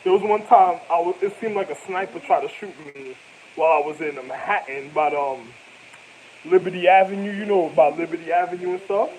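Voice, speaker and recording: A man's voice: high voice, a little fast, darkish tone, a little hiss or hum, low-quality recording. A man telling rambling stories to camera in loose slang, laughing often as he goes. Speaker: vlogger. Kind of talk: casual storytelling to camera.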